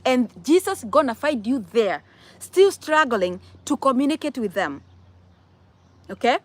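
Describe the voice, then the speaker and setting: A woman's voice: high-pitched, big pitch swings, a little slow, no echo. A young woman with a Kenyan accent giving casual advice to viewers, emphatic, asking rhetorical questions and repeating words. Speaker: vlogger answering viewer questions.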